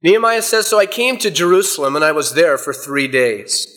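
Middle-aged male preacher with a high voice who reads scripture aloud and explains it. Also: lively intonation, fairly quick, fairly bright tone. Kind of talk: sermon with scripture reading.

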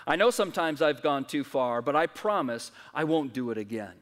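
Storybook creature in a sermon: man doing a wheedling male lizard, raised pitch, hall echo. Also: expressive, normal speed, a bit bright. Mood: pleading. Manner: wheedling, pleading. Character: sly pleading male red lizard, clingy. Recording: reverberant church hall.

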